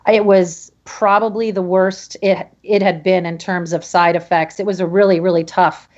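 A middle-aged woman from Connecticut, a podcast guest, telling a personal story in a halting way with many restarts. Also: on the low side, little pitch movement, muffled recording. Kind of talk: emotional personal interview storytelling.

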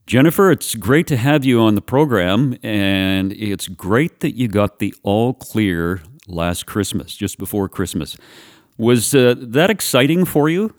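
A man hosting a podcast, introducing a guest in a measured way and slowing for emphasis. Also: on the low side, expressive, dry recording, clean studio sound. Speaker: podcast host.

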